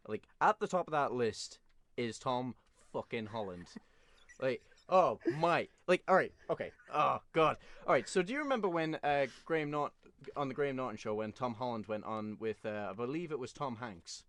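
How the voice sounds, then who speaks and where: A man co-hosting a podcast in casual chat, ranting with animated energy and swearing freely. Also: mid-range voice, normal speed, no room sound. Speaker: podcast co-host.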